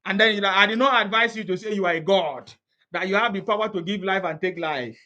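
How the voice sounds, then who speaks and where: Man, Nigerian accent, high-pitched, casual political talk, repetitive, rhetorical. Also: fast, sharp tone. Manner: laughs often, repeats himself, rhetorical questions.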